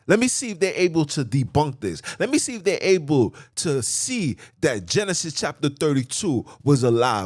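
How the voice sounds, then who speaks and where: A man hosting a podcast, giving a preacherly religious teaching in casual slang, repeating phrases and swinging from loud emphasis to quiet muttering. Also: mid-range voice, no room sound, studio quality. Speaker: podcast host.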